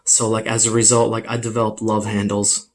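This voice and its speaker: A man's voice: on the low side, monotone, brisk. A young man doing a self-deprecating stand-up comedy set, with many fillers. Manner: rambling, filler-heavy, self-deprecating delivery.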